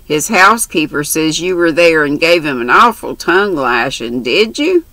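A woman's voice: sits low, lively intonation, normal speed, bright, forceful tone, dry recording, heavily acted, poor audio. A woman voicing a brash, chatty country orphan girl who talks in bossy, boastful slang.

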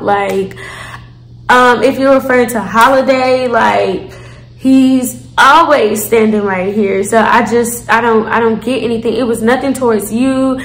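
Slangy chatty woman doing a storytime, kinda high voice, echoey room. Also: unhurried. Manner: chatty, slangy, animated, frequent fillers. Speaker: storyteller, channel host. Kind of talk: casual storytime vlog.

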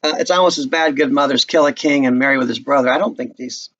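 A man's voice: mid-range voice, quick pace, fairly bright tone, lo-fi sound. A man casually explaining a play to his class, chatty and loose, breaking into short dramatic readings of the lines. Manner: chatty, slips into character voices.

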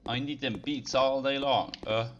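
A young man giving let's play commentary, excitable and swearing, with sudden yelps and shouts. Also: mid-range voice, normal speed, lo-fi sound, slight background noise. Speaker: gaming video creator. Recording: game music loud behind voice. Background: game music.

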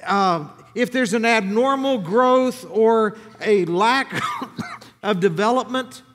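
A man's voice: sits high, fairly bright tone. A man preaching a conversational sermon as pastor, asking his congregation questions. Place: church sanctuary. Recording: church hall with long reverb.

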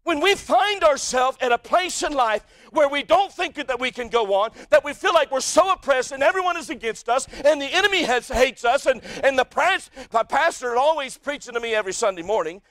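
A male pastor with an American accent preaching a sermon in a church, swinging from quiet asides to shouted peaks. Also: very high-pitched, lively intonation, brisk, hardly any pauses, dry recording. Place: church sanctuary.

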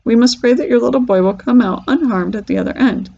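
Storybook eccentric: a woman reads a breezy, whimsical factory owner, husky gravelly tone, lo-fi sound. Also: on the high side, quick pace, warm tone. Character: eccentric cheerful male candy-factory owner. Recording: dull lo-fi recording.

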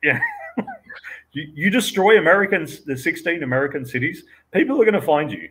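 A man's voice: fairly high pitch, sing-song, fairly quick, fairly bright tone, slightly rough, low-quality recording. A man co-hosting a casual movie chat, telling the story with incredulous laughter.

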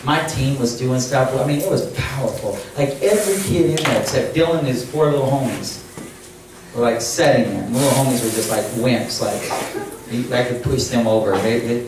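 An older man giving a storytelling sermon as a camp chapel speaker, animated and laughing as he acts out quoted lines. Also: mid-range voice, normal speed. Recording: echoey hall, distant mic, noisy.

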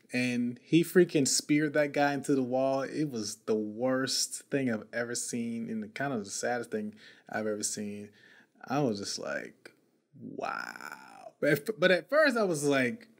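Slangy man telling a story, slightly high voice. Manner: animated, slangy, repeats and restarts words. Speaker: podcast host. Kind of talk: casual podcast storytelling.

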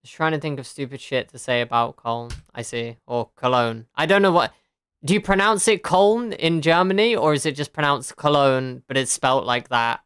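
A woman's voice: rumbling low, normal speed, fairly bright tone, smooth, no echo. A woman game streamer chatting casually, laughing often, swearing and answering her chat.

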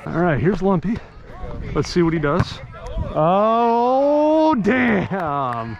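A man doing excited, jokey play-by-play of a kickball game he is playing in, out of breath, on a handheld camera outdoors. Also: on the high side, takes it slowly, vocal fry, lo-fi sound, crowd noise. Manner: excitable, jokey, yelps at big plays.

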